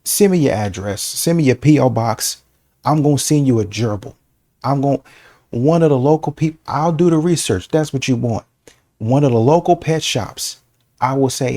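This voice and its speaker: A man in a mid-range voice gives teasing commentary on a clip, chuckling as he talks. He slips into a drawn-out, scolding register and keeps the ridicule rolling. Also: mid-range voice, expressive, mellow. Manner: laughs through his lines, teasing. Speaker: reaction video host. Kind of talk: mocking commentary on clips.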